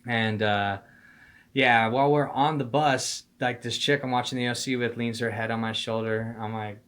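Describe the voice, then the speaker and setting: A man's voice: mid-range voice, steady tone, moderate pace, a bit bright. A young man telling a story in casual slang, rambling and profane, acting out the voices of the people he quotes. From Phoenix, Arizona. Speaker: storyteller vlogger.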